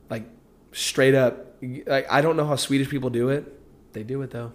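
A young American man who's a parent co-hosts a casual chat, telling stories in a loose, emphatic way full of profanity. His voice is medium in pitch and steady in tone, at a normal speed.

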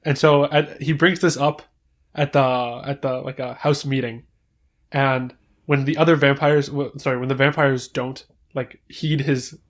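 A man co-hosting a casual podcast, recapping scenes in a rambling, halting way with many restarts. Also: medium pitch, steady tone. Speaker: podcast co-host. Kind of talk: casual chat.

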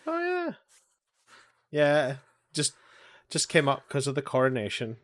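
A man co-hosting a casual podcast chat, talking in a halting way with many fillers and restarts, often chuckling through his stories. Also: on the high side, huge pitch swings, a bit bright. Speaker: podcast co-host. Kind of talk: casual chat about anime and pop culture.

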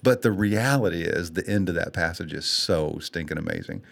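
Male podcast co-host: low, gravelly, earnest, self-deprecating, quick to laugh. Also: a bit bright. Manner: emotional, tears up on heartfelt points. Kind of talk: casual faith-based chat.

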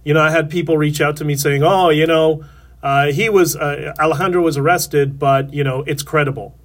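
A man's voice: fairly high pitch, steady tone, moderate pace. A man hosting a livestream interview, conversational, backing up his guest with short agreements. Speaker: host.

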